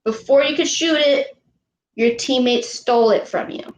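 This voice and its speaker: A woman coach teaching a live online lesson to girls, patient and encouraging, repeating each question slowly for the kids. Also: high-pitched, reverberant, poor audio. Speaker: youth sports coach.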